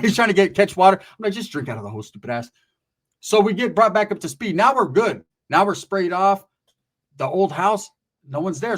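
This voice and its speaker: Brief: middle-aged man, crude comic storyteller, animated, voice a touch high. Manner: crude, animated, breaks into mock singing. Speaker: comedic storyteller. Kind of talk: profane comedic storytelling.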